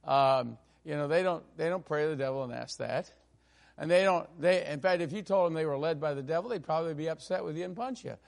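A man preaching a sermon as pastor, stressing key phrases slowly and often pausing on fillers. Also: a little high, gravelly.

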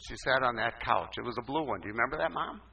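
A male pastor telling a story in a sermon, emphatic and animated, with sudden upward swoops in pitch. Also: quick pace, husky. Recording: distant, dull, muffled recording.

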